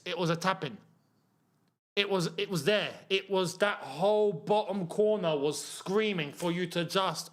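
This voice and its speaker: An excitable young man, calling a live match for his chat. His voice sits high and swings widely, leaping up when he yells at the players, then dropping back to easy banter. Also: a little slow. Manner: excitable, shouts at missed chances, banters with chat. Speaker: football watchalong host. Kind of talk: live match watchalong commentary.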